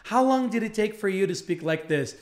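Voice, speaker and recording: A man's voice: sits high, lively intonation, fairly quick, voice pushed up. A man playing a friendly young American who eagerly fires off questions. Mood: curious.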